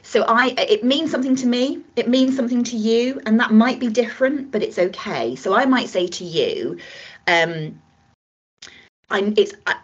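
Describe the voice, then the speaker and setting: A woman's voice: on the high side, lively intonation, normal speed, breathy edge. A woman trainer teaching a workshop session, explaining points with gestures and acted-out examples. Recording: dull lo-fi recording.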